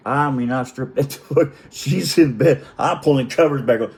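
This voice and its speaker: A middle-aged man telling a comic personal story in a profane, animated way, acting out the quotes in different voices. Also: medium pitch, normal speed, few pauses. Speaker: storytelling vlogger.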